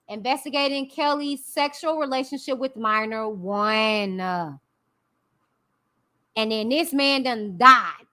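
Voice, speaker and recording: A young woman vlogger with a high, piercingly bright voice. She talks to her viewers in a chatty, slangy way, taking her time as she reads a legal document aloud and drifts into unhurried commentary. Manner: chatty, addresses viewers directly, slangy asides. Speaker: YouTube commentary host. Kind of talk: casual commentary reading a court document aloud.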